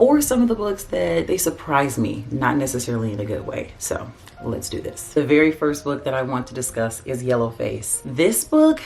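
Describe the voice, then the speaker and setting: A woman chatting casually about books in a home vlog, animated and gushing, recorded in her bedroom. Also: very deep voice, vocal fry. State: out of breath. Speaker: booktuber. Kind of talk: casual book vlog chat. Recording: faint background noise.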